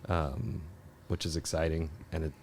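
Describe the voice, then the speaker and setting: A young man, a musician guest, chatting casually on a podcast in an easygoing, halting way. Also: extremely low pitch, level tone, vocal fry, a little mellow, a little hiss or hum. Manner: easygoing, halting with repeated starts.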